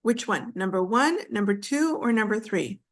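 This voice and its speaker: A woman teaching an online English class over a video call, patiently repeating words slowly with frequent fillers. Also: medium pitch, big pitch swings.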